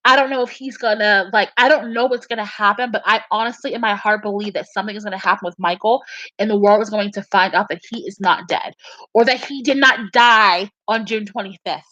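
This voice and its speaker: In a brisk, mid-range voice with a sharp edge, a woman earnestly tells of what she believes and dreams about, restarting and repeating herself with emphasis in casual fan talk. The sound has no echo and its high frequencies are cut off.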